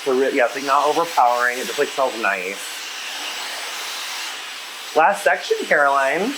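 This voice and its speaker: A man's voice: mid-range voice, lively intonation, background noise. Gushing chatty male hairdresser. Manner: gushing, rapid, full of fillers. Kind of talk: casual chat while styling hair.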